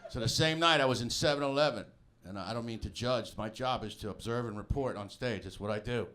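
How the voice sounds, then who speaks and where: A man's voice: medium pitch, brisk, fairly bright tone. A man doing a stand-up comedy set on a club stage, telling stories with punchy asides to the audience. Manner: conversational storytelling, punchy asides to the crowd. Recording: live club recording with crowd laughter.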